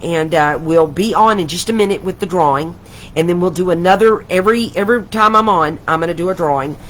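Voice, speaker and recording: A woman's voice: on the low side, brisk, a little hiss or hum, poor audio. An older woman, hosting a casual craft livestream from home, chatty and rambling, gushing with affection. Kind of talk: casual live craft chat.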